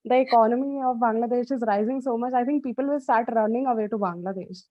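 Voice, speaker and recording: A woman's voice: a little high, fast talker, no echo, muffled recording. A young woman, giving a candid, rambling personal account on an online panel, joking as she goes. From India. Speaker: panel speaker.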